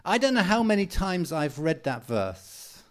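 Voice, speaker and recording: A man's voice: high-pitched, sing-song, measured pace. A man preaching a sermon in an earnest, encouraging way, repeating phrases for emphasis. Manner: mimics people for humor with raised voice.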